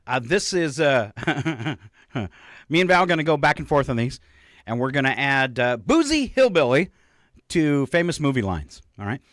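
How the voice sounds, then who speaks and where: A man's voice: medium pitch, sing-song, measured pace, a bit bright, no echo, studio quality. A man co-hosting a radio morning show, joking around, laughing often and stumbling over fillers as he chats with his co-host. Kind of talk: casual radio banter. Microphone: studio microphone.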